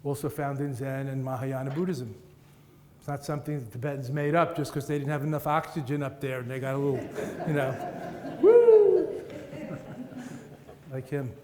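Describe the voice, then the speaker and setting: A man's voice: medium pitch, lively intonation, moderate pace, mellow. A man, a Buddhist teacher, giving a playful, rhythmic dharma talk to an audience and laughing at his own jokes. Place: large meeting room with audience. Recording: echoey hall, roomy reverb.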